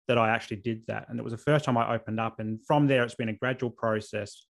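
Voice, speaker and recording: A man in his thirties from South Australia with an Australian accent, hosting a podcast interview in an earnest, open way with halting restarts. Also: medium pitch, creaky. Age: 30s. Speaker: podcast host. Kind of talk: casual interview chat.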